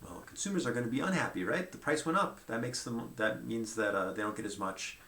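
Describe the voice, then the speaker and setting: A man's voice: fairly low pitch, very animated, fairly quick, fairly bright tone, reverberant. A man giving a conversational lecture at a whiteboard, thinking aloud and checking in with "right?" as he goes.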